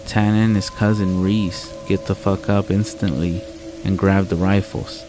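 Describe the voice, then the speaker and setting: Deep, flat-voiced man narrating horror. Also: measured pace, rough recording. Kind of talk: scripted narration. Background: rain and faint music.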